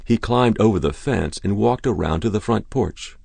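A man narrating a short story in a measured, deliberate reading. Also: on the low side, creaky, a little mellow, no room sound.

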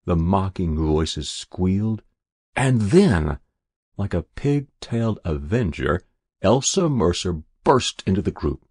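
A man reading a story aloud with measured, expressive narration. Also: sits low, husky, no echo, clean studio sound.

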